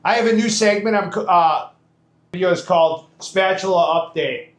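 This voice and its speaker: A man's voice: high-pitched, normal speed, echoey room. A man hosting a casual home cooking show, chatting folksily through each step from his kitchen with plenty of fillers.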